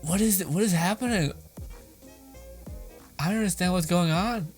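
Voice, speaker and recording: A man's voice: sits high, moderate pace, faint music behind. A young man hosting, giving casual, rambling reaction commentary with frequent laughter and plenty of swearing. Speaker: host reacting to videos.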